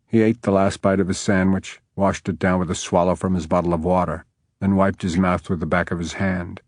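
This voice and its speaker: A man reading an audiobook in steady, even scripted narration on a close studio mic. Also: deep voice, brisk, no echo.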